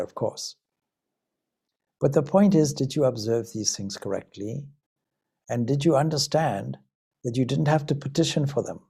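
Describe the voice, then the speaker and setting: At a talk recorded in Ireland, a Vedanta swami from Zimbabwe speaks on spiritual matters in a mellow, slightly husky mid-range voice. He is reflective and keeps posing rhetorical questions to his audience.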